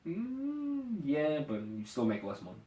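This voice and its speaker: A man's voice: a little high, huge pitch swings, a little slow, warm tone. A man co-hosting a casual podcast, teasing and dryly needling his friend. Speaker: podcast co-host. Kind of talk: casual chat. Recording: roomy, distant mic with faint noise.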